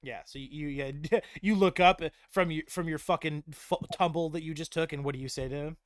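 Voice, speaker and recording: A man running a tabletop game as game master, narrating in a quick, animated way with restarts. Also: on the high side, clean tone.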